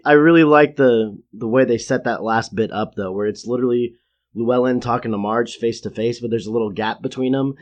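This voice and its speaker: Regular-pitched guy on a podcast gabbing about a cartoon, does little bits and laughs. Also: muffled recording. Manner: chatty, tosses in quick impressions and laughs. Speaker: podcast co-host. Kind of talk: casual episode discussion.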